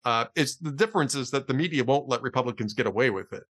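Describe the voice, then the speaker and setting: A man's voice: mid-range voice, quick pace, a bit bright. A man hosting a podcast in casual chat, telling jokes and chuckling as he reads. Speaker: podcast host.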